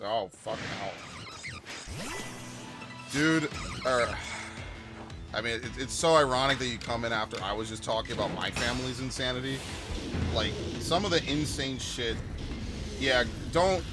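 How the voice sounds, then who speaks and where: A man in his forties from New York hosts his gaming stream and talks casually through a blunt, profane rant, restarting sentences as he goes. Game music plays clearly behind his voice. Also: mid-range voice, wildly swooping pitch, normal speed, long pauses. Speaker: gaming channel host. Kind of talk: casual live-stream rant during gameplay.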